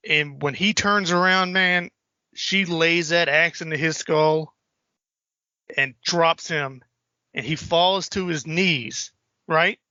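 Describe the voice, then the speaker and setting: A man's voice: a little high, slow, sharp tone, no room sound, highs cut off. A man co-hosting a podcast, loosely retelling film scenes in casual chat and swearing freely. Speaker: podcast co-host.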